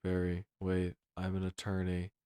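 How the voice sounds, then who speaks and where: A man reading the lines of a panicky male airline captain in a drowsy monotone. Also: deep voice, moderate pace, clear, resonant tone, dry recording, lightly acted. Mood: flat.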